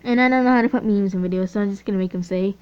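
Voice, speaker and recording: A teenage girl chatting casually over gameplay, easily excited and often trailing off mid-sentence. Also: mid-range voice, racing, clean tone. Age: teens. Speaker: gaming channel host. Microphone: phone mic. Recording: dull lo-fi phone audio.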